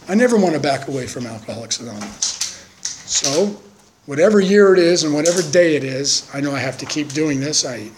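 A man's voice: on the high side, slight background noise, rough recording. A man in his fifties giving an earnest personal testimony at a recovery meeting, acting out the voices of the people in his stories. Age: 50s. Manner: earnest storytelling, acts out quoted voices.

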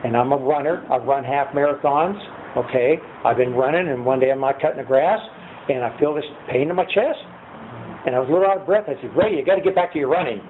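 A man's voice: medium pitch, fairly quick. An older man sharing his story at a recovery meeting from a podium, rambling and chuckling at himself. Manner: rambling, chuckling, self-deprecating. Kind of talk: personal testimony to a group. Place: meeting room, speaking at a podium. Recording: tinny lo-fi line with faint hiss.

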